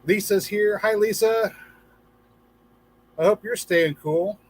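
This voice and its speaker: A man's voice: high-pitched, takes it slowly, poor audio. A man hosting a casual livestream for gardeners, chatting, reading viewer comments aloud and telling jokes with a few acted-out voices. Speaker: livestream host.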